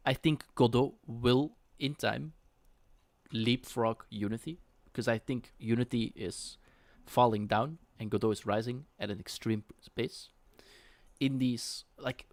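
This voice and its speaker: A male co-host of a game development podcast chats loosely, laughing and restarting his sentences often. His voice is medium-pitched and creaky, on a dry recording.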